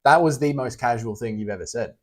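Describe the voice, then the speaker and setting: A man's voice: mid-range voice, brisk. A young Australian man casually chatting on a livestream, reading out and answering chat messages with blunt, teasing, sweary banter.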